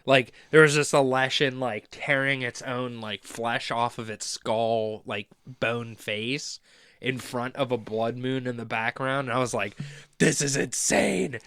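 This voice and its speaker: A man's voice: medium pitch, flat delivery, a little slow, fairly bright tone, clear, resonant tone, no echo, clean studio sound. A man co-hosting a podcast, chatting casually and teasing his friend with playful, laughing energy. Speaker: podcast co-host.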